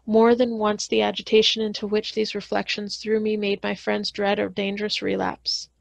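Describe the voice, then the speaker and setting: A woman librarian reading a classic novel aloud in a steady, measured way, with the odd small slip. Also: mid-range voice, vocal fry, no room sound.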